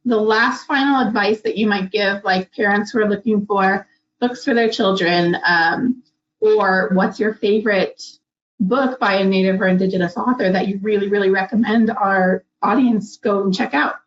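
A woman's voice: mid-range voice, steady tone, normal speed. Woman panel moderator, friendly and inviting, dull-sounding recording. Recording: dull lo-fi audio.

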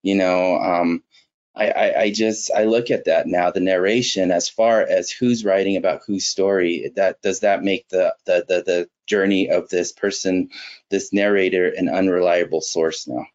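Male panelist, very deep voice, halting delivery, lo-fi audio. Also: steady tone, a little mellow. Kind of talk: panel discussion. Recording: dull lo-fi audio.

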